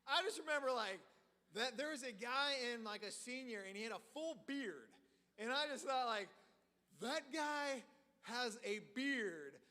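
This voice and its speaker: A man tells a story from the pulpit, lively and loose, his sentences full of filler words. His voice sits high and sounds bright. The sound rings in a large, reverberant church hall. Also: normal speed. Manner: animated, heavy use of filler words. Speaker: preacher. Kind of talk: storytelling sermon. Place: church sanctuary.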